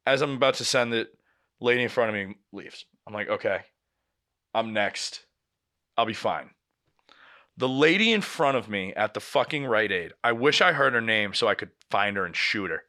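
A young man on a podcast recounts a story in a casual, animated way. His voice is bright and forceful at a middle pitch. He swears freely and keeps acting out what everyone said. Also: fairly quick. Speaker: podcast host.

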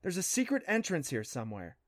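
A man's voice: a little high, wildly swooping pitch, a little fast, no echo, studio quality, pitched above the performer's own voice. A man voicing a clever, smug young girl who talks in a bossy, snappish way in a storybook. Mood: thoughtful.

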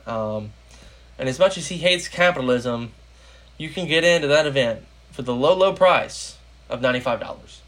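A man's voice: mid-range voice, expressive, moderate pace, a bit bright. A young American man hosting a casual political podcast, rambling with lots of fillers. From United States. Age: young adult. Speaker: podcast host.

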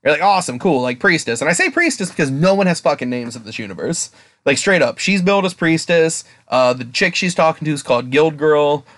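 An excitable man co-hosts a casual podcast, his voice sitting a bit high for a man. He swears freely and jumps up into quoted voices. The recording is dry and close. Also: fairly quick, no echo. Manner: excitable, swears a lot, acts out quotes in a higher voice. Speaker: podcast co-host.

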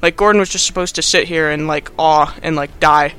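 A smug male villain talks in a breezy, offhand way, voiced by a man recapping a film. His voice is clear and bright. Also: fairly high pitch, steady tone, fairly quick, faint music behind.

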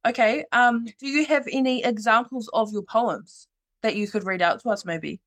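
A young woman hosts a relaxed podcast chat. She sounds bubbly and playful, teases her guest, and laughs easily. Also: fairly high pitch, moderate pace. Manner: bubbly, teasing, laughs often. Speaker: podcast host. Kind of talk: casual interview chat.

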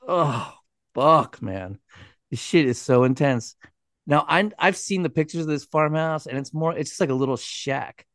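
A man's voice: fairly high pitch, lively intonation, moderate pace, a bit bright, dry recording, clean studio sound. A man co-hosting a true-crime podcast, narrating the story and reacting in casual, swear-laced chat. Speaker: podcast co-host.

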